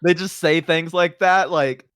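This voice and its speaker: A guest on a chat stream, telling stories in a casual, animated way and acting out other people's voices. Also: medium pitch, unhurried, smooth, dry recording, studio quality. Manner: animated storyteller who acts out children's voices.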